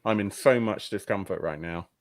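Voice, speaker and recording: A man with a fairly low voice chats as a player in a tabletop game, on a dry close recording. He talks loosely, explaining how his character reacts. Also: normal speed, no room sound. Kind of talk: casual tabletop play.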